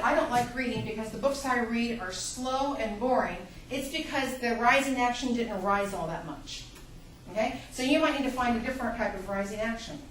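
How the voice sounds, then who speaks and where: A high-voiced woman lectures a college literature class, animated and full of rhetorical questions. She sounds distant from the mic, and her voice rings around an echoey classroom with a faint hum underneath. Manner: animated, asks the class rhetorical questions, acts out readers' reactions.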